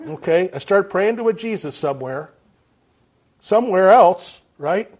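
Folksy animated preacher, lo-fi. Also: male voice, high-pitched, takes it slowly, pauses often. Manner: folksy, animated, frequent "right?" and "okay?" to the audience. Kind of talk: sermon. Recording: dull lo-fi sound.

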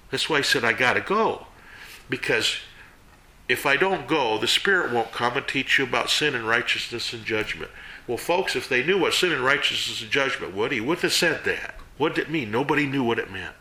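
Folksy man with a bright voice. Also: medium pitch, fairly quick, echoey room. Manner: folksy, animated, jumps between loud and hushed. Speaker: Bible teacher. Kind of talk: casual sermon to a small group.

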